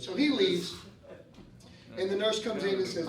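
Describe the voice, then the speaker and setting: A man telling a stand-up story to a live audience, talking to the crowd with lively energy. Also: sits high, moderate pace, long pauses. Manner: animated, talks to the crowd. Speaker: stand-up comedian. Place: comedy club. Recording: echoey club, distant mic, loud crowd.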